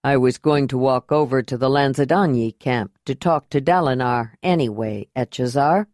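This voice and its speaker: A woman voicing a steady male leader who speaks calmly and firmly. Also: extremely low pitch, normal speed, no room sound, clean studio sound, pitched below the performer's own voice. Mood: concerned. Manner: calm, reasoned and commanding. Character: steady male clan leader, calm and firm.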